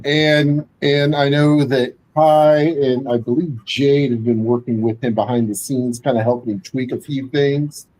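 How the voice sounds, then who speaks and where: A man hosting a casual tabletop-gaming live-stream chat, relaxed and jokey. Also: mid-range voice, measured pace, few pauses, low-quality recording. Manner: relaxed, jokey, laughs while talking.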